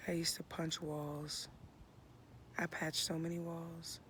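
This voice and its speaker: A man in his thirties talking in a laid-back, reflective vlog into a phone outdoors at home, often dropping into soft half-whispers. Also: a little high, monotone, slow. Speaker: vlogger. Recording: noisy outdoor recording.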